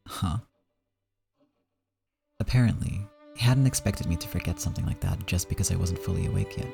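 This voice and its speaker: A man's voice: deep voice, a little fast, creaky, long pauses, over music. A man streaming a visual novel playthrough, narrating it in the first person with dramatic reading that sinks to whispers at tense moments.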